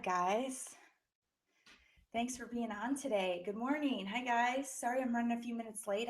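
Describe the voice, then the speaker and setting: A young woman hosting a live webinar from home, chatting casually into her own microphone, friendly and full of fillers as she greets viewers by name. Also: fairly high pitch. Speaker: webinar host. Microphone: own microphone on a live stream.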